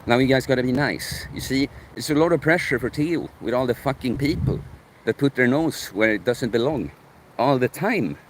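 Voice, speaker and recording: A man's voice: medium pitch, animated, normal speed, slight background noise, rough recording. A man, live-streaming while he works out, talking bluntly and profanely to his viewers. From Sweden.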